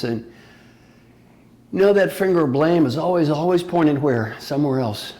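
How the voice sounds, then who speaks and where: A man's voice: a little high, expressive, moderate pace, gravelly, mellow. An older man giving a motivational talk as an executive coach, playful and emphatic, firing off rhetorical questions.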